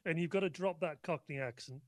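Male guest, jovial banter, slightly high voice, dry close mic. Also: dry recording. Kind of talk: casual talk show conversation.

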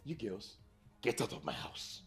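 A man's voice: fairly high pitch, wildly swooping pitch, normal speed, faint music behind. A man playing a furious husband. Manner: yelling, stammering repeats, sarcastic. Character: bossy, hot-tempered husband throwing out his wife's friends. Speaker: controlling husband in a comedy skit.

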